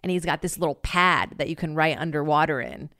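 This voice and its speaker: A woman hosting a podcast, telling a funny story in a lively, casual way, swearing freely and acting out what people said. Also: sits low, a little fast, no echo, studio quality. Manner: animated, swears freely, acts out quotes. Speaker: podcast host.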